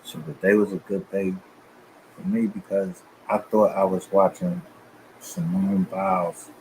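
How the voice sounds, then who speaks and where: Low-voiced man ranting casually. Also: flat delivery, unhurried, a little mellow, a little hiss or hum, rough recording. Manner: loose, profane, confrontational. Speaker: channel host. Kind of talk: casual rant to viewers.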